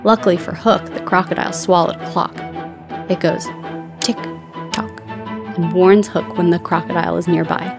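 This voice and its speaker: A woman narrating a children's storybook in a clear, steady storytelling voice. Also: lowish voice, a little fast, music in the background.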